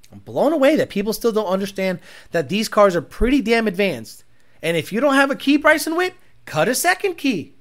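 A man hosting a casual car talk rant, profane and animated, with bursts of Spanish mixed in. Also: very high-pitched. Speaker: car tuner and show host.

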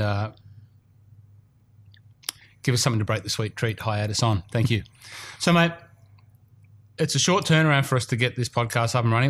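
A man with an Australian accent hosting a golf podcast in casual, rambling chat, a bit self-deprecating. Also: mid-range voice. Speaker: podcast host. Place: studio room.

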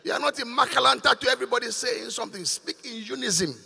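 An older man preaches in a high, sharp, husky voice. He scolds and quizzes his congregation in call-and-response. His words ring out through the long reverb of a large church hall. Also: quick pace. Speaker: bishop preaching.

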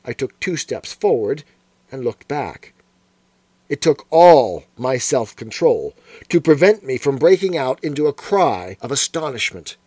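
A man reading a classic detective story aloud in a measured, expressive storytelling manner. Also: medium pitch, slightly rough, dry recording. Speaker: audiobook narrator. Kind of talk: scripted narration.

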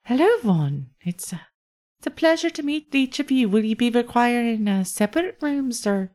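A woman's voice: fairly high pitch, expressive, darkish tone, voice pushed up, natural voice. A woman voicing a polite, formal female red dragonborn who welcomes guests in a tabletop role-play. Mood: gracious. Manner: courteous, measured hospitality.

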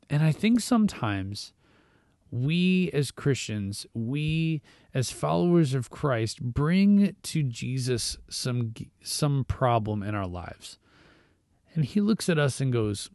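A man's voice: medium pitch, very animated, slow pace, darkish tone, no room sound, clean studio sound. A man hosting a short devotional show, reading scripture and then reflecting in a conversational, informal way. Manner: conversational and reflective, with fillers and restarts. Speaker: devotional podcast host.

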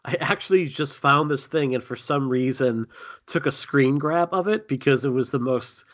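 A man's voice: mid-range voice, normal speed, fairly bright tone, no room sound. Chatty male podcast host, dry dull mic. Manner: chatty, rambling with frequent ums. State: a little tired. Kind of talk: casual podcast chat.

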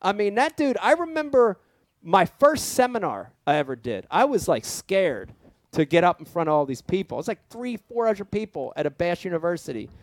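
A man hosting a casual podcast, excitable and lively, who swears casually and calls people dude. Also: high-pitched, moderate pace, no echo. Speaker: podcast host.

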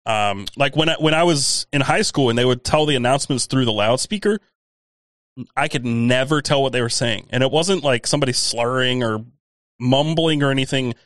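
A man's voice: mid-range voice, normal speed, a bit bright, no echo. Hesitant, mumbling male podcast co-host. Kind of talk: casual chat.

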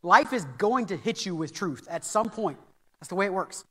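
Earnest American pastor preaching in a hall. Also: male voice, sits high, animated, moderate pace, a bit bright. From United States. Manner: earnest, repeats key phrases for emphasis. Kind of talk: sermon. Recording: reverberant hall.

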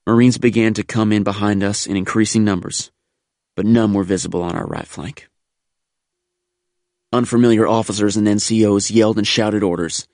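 A man narrating a first-person wartime memoir in a measured, sober, reflective way. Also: fairly low pitch, fairly even intonation, a little mellow, no echo, studio quality.

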